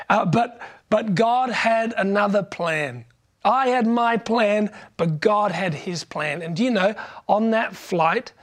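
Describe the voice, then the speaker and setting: A man preaches in a relaxed, joking storytelling way, his voice sitting notably high for a man. He restarts phrases often and keeps the tone conversational. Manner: conversational and humorous, frequent restarts. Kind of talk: sermon with personal storytelling.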